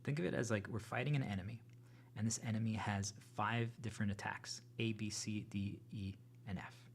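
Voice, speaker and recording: An earnest man talks straight to his viewers in a loose, unscripted monologue. He rambles and restarts his sentences, and now and then his voice sinks to a hushed whisper. A faint hum runs underneath. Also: fairly low pitch, fairly even intonation, brisk. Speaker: channel host.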